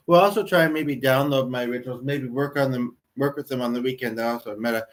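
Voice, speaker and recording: A man's voice: medium pitch, fast. A man in his thirties from Canada hosts a casual livestream. He rambles as he talks and keeps turning to speak with his few viewers. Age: 30s. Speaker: livestream host.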